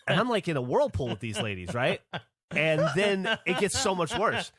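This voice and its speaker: A man's voice: a little high, very animated, moderate pace, a bit bright, dry recording, clean studio sound. A man hosting a podcast, telling a story in casual chat with lots of fillers. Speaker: podcast host.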